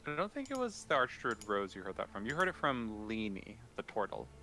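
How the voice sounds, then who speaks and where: Casual, bright-voiced young man game master. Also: fairly low pitch, wildly swooping pitch, fairly quick. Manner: casual, lots of "like" and "kinda". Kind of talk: narrating a tabletop game.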